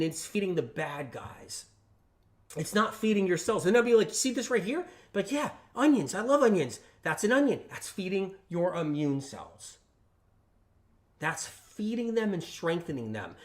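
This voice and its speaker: A man hosting a casual livestream, talking emphatically and repetitively, often tagging his points with questions and acting out quoted friends. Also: sits high. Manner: acts out quoted friends in lively voices. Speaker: health channel host on a livestream.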